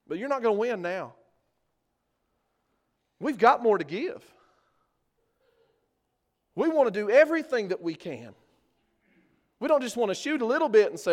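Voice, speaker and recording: High-voiced man preaching with emphasis. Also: animated, moderate pace, pauses often. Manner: earnest, emphatic preaching that builds in force on key points. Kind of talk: sermon.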